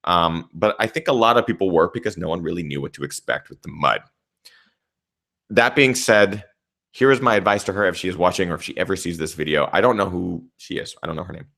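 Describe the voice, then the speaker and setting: A young man, a trail runner and channel host, recapping a race in casual, animated storytelling, swearing freely. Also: low voice, fairly quick, vocal fry.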